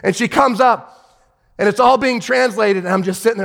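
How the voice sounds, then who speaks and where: A man pastor preaching with a high, ringing voice. He swings from shouted, stern rebukes down to near-whispered, tender storytelling. His voice trails off into a long reverb, as in a large hall. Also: normal speed, vocal fry. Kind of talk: sermon.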